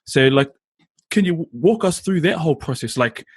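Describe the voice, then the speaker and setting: Relaxed New man, husky and dry. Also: on the high side, moderate pace, no echo. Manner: relaxed and enthusiastic, many fillers like "you know". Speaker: interviewer. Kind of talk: casual interview chat.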